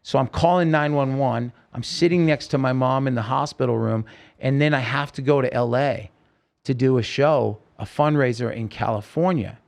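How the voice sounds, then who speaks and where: A singer-songwriter guest on a podcast, telling a personal story earnestly and emotionally in halting sentences full of restarts. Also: male voice, medium pitch, gravelly, darkish tone.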